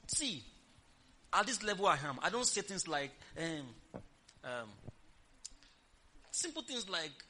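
A man preaching a sermon, animated, moving from low asides to shouted declarations and leading the congregation in call-and-response. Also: slow, long pauses, slight background noise.

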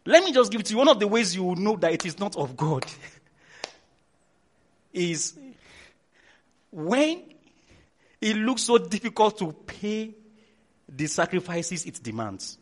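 A man with a Nigerian accent preaching as a pastor, telling stories with lots of energy and loud repeated calls. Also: high-pitched, a little slow, long pauses. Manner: animated storytelling, shouting repeated commands. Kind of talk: sermon.

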